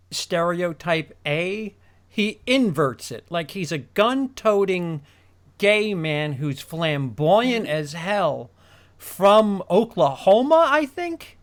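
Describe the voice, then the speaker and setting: A man hosting a casual online chat, talking in halting bursts with many restarts and repeated words. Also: high-pitched, fairly bright tone. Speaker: podcast host.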